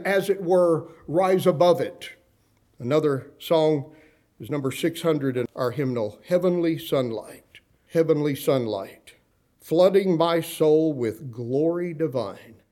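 A man preaching a sermon, talking straight to his congregation and swinging his voice up and down when he quotes scripture. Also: a little mellow. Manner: dramatic swings in pitch and volume when quoting scripture; conversational, asks the congregation direct questions. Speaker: pastor.

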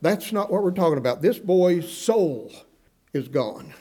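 A man delivers a sermon in a mellow, warm voice that sits a little higher than most men's. He preaches earnestly, puts feeling into quoted lines from scripture and turns to his listeners with questions. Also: animated, measured pace. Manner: asks the congregation questions. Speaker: pastor.

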